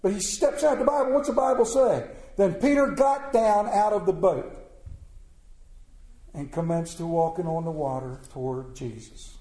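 A middle-aged man preaches a sermon in a folksy, plainspoken way, firing questions at the congregation. His voice sits high for a man yet sounds dark and mellow. The room echoes around him. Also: normal speed.

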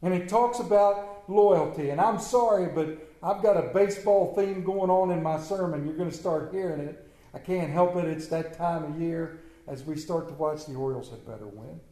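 High-voiced impassioned preacher man, roomy echo. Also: normal speed. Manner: impassioned, swings between hushed and emphatic. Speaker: pastor. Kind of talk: sermon.

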